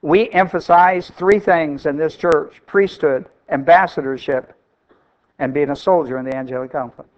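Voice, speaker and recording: A man's voice: on the high side, normal speed, muffled recording. A male pastor preaching a sermon, emphatic and repeating key phrases for stress.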